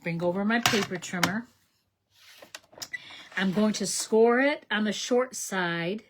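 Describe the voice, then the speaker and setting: A middle-aged woman runs a card-making tutorial on her channel, speaking slowly in a mid-range voice over some background noise. Chatty and enthusiastic, she explains every step, often corrects herself, and calls her viewers "you guys."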